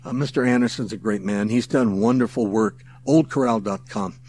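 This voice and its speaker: A man's voice: on the low side, normal speed, a little mellow. A man hosting his own podcast in a folksy, enthusiastic way, chuckling often and speaking straight to the listener. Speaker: podcast host. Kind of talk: casual podcast monologue.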